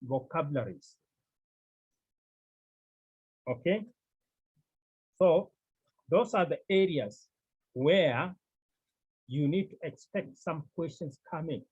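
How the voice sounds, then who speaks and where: A man teaching a class, speaking slowly and repeating key terms as he explains step by step. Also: fairly high pitch, animated, a little mellow, slightly rough, lo-fi sound. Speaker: Greek teacher. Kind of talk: classroom lesson.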